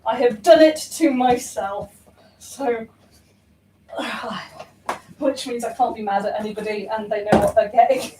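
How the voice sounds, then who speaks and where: A woman's voice: a little high, unhurried, long pauses, mellow, a little hiss or hum. Rambling woman baking, roomy and distant. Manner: rambling, self-mocking, full of ums and laughs. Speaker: baking vlogger. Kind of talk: casual chat while baking. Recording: roomy kitchen, voice from far off.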